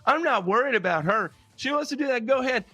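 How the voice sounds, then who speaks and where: Lively bright-voiced man co-hosting. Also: very high-pitched, fast, no echo. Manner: laughs often, swears freely. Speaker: podcast co-host. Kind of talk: casual banter.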